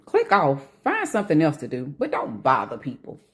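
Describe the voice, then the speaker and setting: A woman's voice: deep voice, normal speed. A woman vlogging in a casual, rambling chat, talking while she eats and admitting she is anxious. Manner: rambling, animated, talks while eating; rambling and animated.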